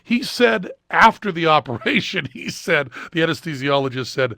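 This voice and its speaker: A middle-aged man hosting a podcast, telling a story in casual chat and loudly acting out the people in it. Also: on the high side, normal speed, gravelly, few pauses, dry recording. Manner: animated, shouts and acts out quoted people. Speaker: podcast host.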